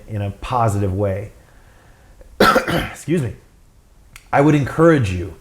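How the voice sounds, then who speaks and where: A man's voice: mid-range voice, darkish tone. A fitness and nutrition coach chatting casually to camera, rambling with many fillers and restarts and chuckling often as he tells stories. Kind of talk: casual vlog talk.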